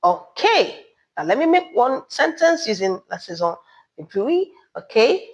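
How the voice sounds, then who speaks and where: A woman from Nigeria, teaching a beginner language lesson, saying each word slowly and asking listeners to repeat after her. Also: fairly high pitch, sing-song, low-quality recording. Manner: drills words slowly, asks learners to repeat, checks with "okay?". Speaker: French teacher.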